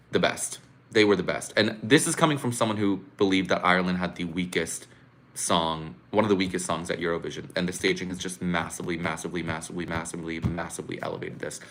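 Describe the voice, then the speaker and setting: A man hosts a casual live stream from his room, chatting and venting with quick exclamations. His voice sits fairly low but has a bright, forceful edge. A faint hum of room noise stays under him. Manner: frustrated, chatty, exclaims and laughs at his own complaints. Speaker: live-stream host reacting to a contest. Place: home room.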